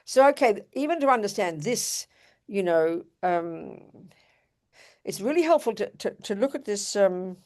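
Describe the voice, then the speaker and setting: A woman's voice: medium pitch, animated, measured pace, a little mellow. An older woman giving an earnest, emphatic Buddhist dharma talk, with rhetorical asides to her audience. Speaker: Buddhist teacher.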